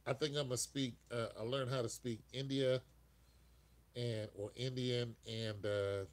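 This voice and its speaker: A man's voice: mid-range voice, level tone, unhurried. A man hosting a casual live-stream chat, telling rambling stories and laughing often.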